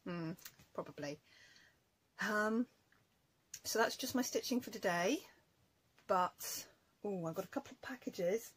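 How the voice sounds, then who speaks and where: A woman's voice: mid-range voice, unhurried, pauses often, husky, low-quality recording. A woman vlogger chatting casually as she shows off her crafts and stamps, rambling and correcting herself. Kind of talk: casual show-and-tell chat.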